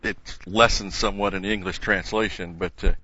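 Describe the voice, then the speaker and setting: A preacher with a low, bright, forceful voice delivers his sermon and reads scripture with growing emphasis. The recording is dry and close, with a dull, lo-fi sound. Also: steady tone, fairly quick, no room sound. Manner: emphatic, rises in pitch and volume when reading scripture. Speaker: pastor.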